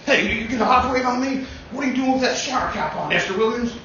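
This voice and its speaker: A man's voice: extremely high pitch, expressive, fast talker, pushed and bright, distant mic, a little hiss or hum, pitched above the performer's own voice, heavily acted. A man doing an impression of a cranky, rambling old male president, folksy and quarrelsome. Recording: echoey dull lo-fi room recording.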